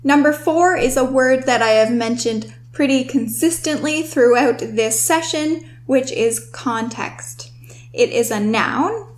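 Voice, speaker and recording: A young woman with a fairly high voice hosts a scripted vocabulary lesson. She explains each word clearly and instructively, and she slows down to stress the key terms. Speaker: host and writing tutor.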